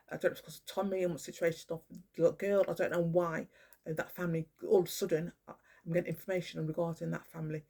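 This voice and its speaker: Older speaker, gravelly, husky, profane emphatic monologue, halting restarts. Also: mid-range voice, mellow. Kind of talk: rambling monologue to camera.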